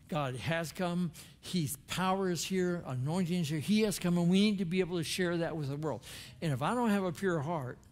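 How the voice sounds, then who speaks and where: A man's voice: on the high side, darkish tone. Earnest older man preaching. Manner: earnest, conversational preaching with quoted prayers. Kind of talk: sermon. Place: church.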